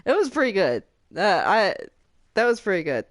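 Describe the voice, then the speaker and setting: A woman's voice: medium pitch, big pitch swings, moderate pace, dry recording, clean studio sound. A woman hosting a live game stream, chatting casually and laughing often.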